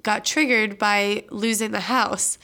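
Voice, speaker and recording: A woman's voice: medium pitch, slow. A young woman co-hosting a podcast, telling a family story in casual, profane chat full of fillers. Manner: animated, profane, lots of "like" fillers. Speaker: podcast co-host.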